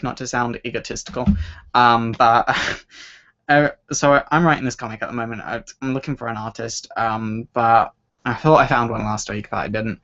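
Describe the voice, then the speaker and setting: A man's voice: medium pitch, fairly bright tone. A young man from Scotland, casually chatting as a livestream host answering viewer questions, rambling and self-deprecating. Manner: rambling, self-deprecating, laughs at own stories. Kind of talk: casual chat. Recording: dull lo-fi home stream audio.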